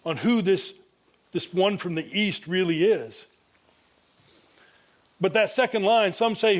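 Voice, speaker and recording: A male pastor preaching an expository sermon, reading and comparing Bible translations, often restarting his phrases. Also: high voice. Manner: frequent restarts and repeated words.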